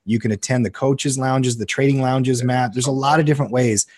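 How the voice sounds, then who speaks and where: A man co-hosting a trading show, relaxed and upbeat, reading out viewer comments and chatting. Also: medium pitch, fairly quick, no room sound, studio quality. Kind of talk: casual market talk, reading chat comments.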